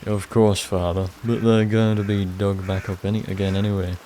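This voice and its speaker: A man's voice: lowish voice, flat delivery, moderate pace, dark tone, slight background noise, close to an everyday voice. A man voicing a blunt, insistent male church worker with a northern English accent.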